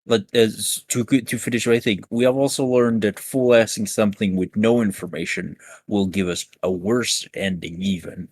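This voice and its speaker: A man with a lowish voice, chatting after a tabletop game. He spins comic worst-case scenarios. The recording is dry and close. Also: steady tone, normal speed, few pauses, darkish tone, breathy edge, no room sound. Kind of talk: casual post-game chat.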